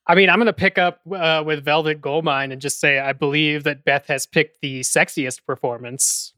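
A man's voice: a little high, fairly even intonation, normal speed, bright, forceful tone, clear, resonant tone, dry recording. A man on a podcast, teasing a co-host in a playful, casual chat.

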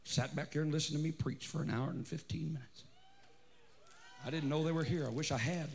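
A man preaching a revival sermon at a camp meeting, shouting with fervent energy. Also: a little high, fairly even intonation, fairly quick, gravelly, a little hiss or hum. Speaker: pastor. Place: large camp meeting gathering.

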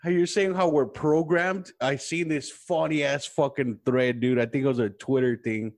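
A man's voice: medium pitch, steady tone, normal speed. A man appearing as a podcast guest, chatting casually in a laid-back way, swearing and calling people "dude". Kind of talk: casual chat.

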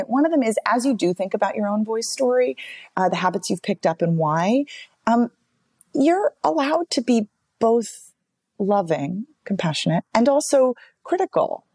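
A woman in her thirties, a voice coach and author, talking in a relaxed interview and telling stories with lively swings in pitch. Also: moderate pace, breathy edge, no room sound. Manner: animated storytelling, wide pitch swings, expressive. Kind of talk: casual interview conversation.

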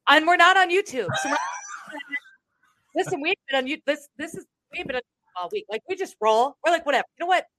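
A Texan woman hosting a live stream, talking loud and brash, swearing freely in casual chat. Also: sits high, lively intonation, a little fast. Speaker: live show host.

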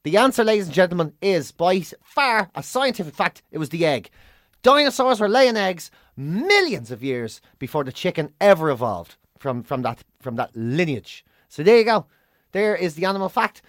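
A man's voice: high-pitched, normal speed, no echo, clean studio sound. A man co-hosting a podcast, chatting casually and telling stories with animation and frequent laughs. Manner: animated storytelling, laughing often. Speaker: podcast co-host. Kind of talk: casual chat. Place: radio studio.

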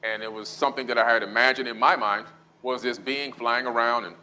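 Bright-voiced man telling a spiritual story. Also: mid-range voice, brisk, slight background noise, poor audio. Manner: thoughtful storytelling, calm explaining. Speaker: podcast guest. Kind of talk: casual conversation.

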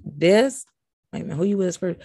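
A woman hosting a podcast, recapping reality TV in brash, profane, animated casual chat. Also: lowish voice, brisk, breathy edge, dry recording. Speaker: podcast host.

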